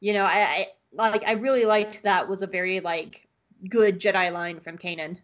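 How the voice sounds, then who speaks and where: A woman's voice: mid-range voice, steady tone, moderate pace, a bit bright, lo-fi sound. A woman co-hosting a podcast, recapping an episode in casual, enthusiastic chat with plenty of "like" fillers. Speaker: podcast co-host.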